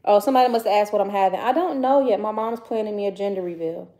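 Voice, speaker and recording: A mellow woman's voice of medium pitch moves at a quick pace as she cooks in her kitchen for her channel. She keeps up loose, slangy chatter with viewers and her kids between steps, filmed on a nearby phone camera that gets set down at times.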